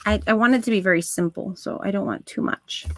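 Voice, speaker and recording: A woman hosting a live crafting stream, chatting to her viewers as she works, with soft asides under her breath. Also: medium pitch, fairly quick, background noise. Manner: talks to chat viewers while working, soft asides. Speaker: craft livestream host.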